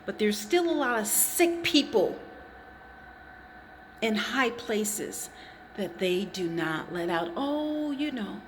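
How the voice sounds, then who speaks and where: A woman's voice: medium pitch, lively intonation, takes it slowly, pauses often, big-room sound, a little hiss or hum. A woman talking straight to the camera in an impassioned monologue, with emphatic, accusatory phrasing and pointed repetition. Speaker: vlogger.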